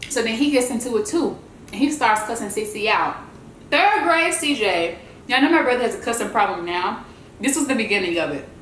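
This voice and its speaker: A woman's voice: fairly high pitch, fairly quick, reverberant, a little hiss or hum, poor audio. Chatty woman telling a story while eating. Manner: chatty, animated, addresses viewers as y'all. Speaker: vlogger.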